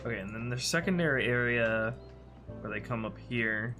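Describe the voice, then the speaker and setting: A man's voice: mid-range voice, moderate pace. Congested man thinking aloud over music. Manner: thinking aloud, relaxed and offhand. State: congested sinuses. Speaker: game modder and streamer. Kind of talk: casual commentary while modding a game. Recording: music playing underneath.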